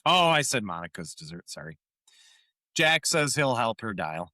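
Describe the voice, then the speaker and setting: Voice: medium pitch, big pitch swings, normal speed, bright, forceful tone, dry recording, studio quality. A podcast co-host in a casual recap chat, laughing often and acting out quoted lines while retelling scenes. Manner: acts out quoted lines in changed voices.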